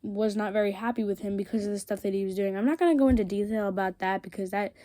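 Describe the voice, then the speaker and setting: A woman's voice: medium pitch, steady tone, quick pace, dark tone, dry recording. A teenage girl chatting casually about a friend drama while crafting, rambling with lots of ums and likes. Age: teens. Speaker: vlogger.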